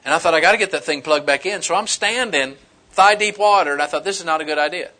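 A middle-aged man preaching a sermon as pastor, animated and folksy, mixing scripture with humorous personal stories. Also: a little high, fast.

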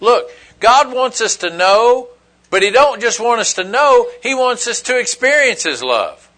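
A man's voice: very high voice, very animated, measured pace, pushed and bright. A man preaching a sermon, telling a story in an emphatic, repetitive way. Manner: storytelling, emphatic, repeats phrases. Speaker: pastor.

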